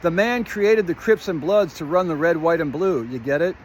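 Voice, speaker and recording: A man with a notably high voice rants to his viewers in a long, profane monologue. He jumps from one theory to the next, toys with puns, and keeps asking "guess what". He addresses the audience directly throughout. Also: moderate pace, slight background noise. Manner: profane, swears often; rambling, jumps between topics, plays on words. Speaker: vlogger. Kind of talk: rambling conspiratorial monologue.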